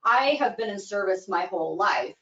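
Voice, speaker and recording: A woman's voice: medium pitch, lively intonation, moderate pace, a bit bright. A woman co-hosting a casual talk, mostly adding brief supportive remarks. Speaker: co-host. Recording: echoey lo-fi recording.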